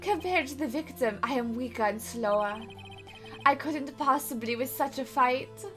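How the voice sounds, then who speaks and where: A woman voicing a petite, haughty witness who speaks in a commanding, imperious tone. The voice is bright and high, with lively rises and falls. Faint music plays behind her. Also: moderate pace.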